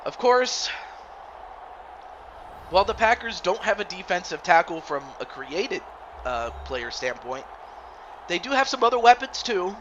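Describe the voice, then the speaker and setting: A man's voice: high voice, sing-song, unhurried, long pauses, fairly bright tone, muffled recording, a little hiss or hum. A man streaming and commentating a football video game league, casually rambling and greeting viewers by name.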